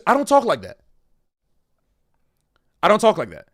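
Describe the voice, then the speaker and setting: A fired-up man talking straight to his livestream, emotional and passionate. His voice is fairly high for a man and swings widely in pitch as he makes his points. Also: wildly swooping pitch, moderate pace. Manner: emotional and passionate, says bro a lot. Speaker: jazz musician streaming a Q&A. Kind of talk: casual livestream rant.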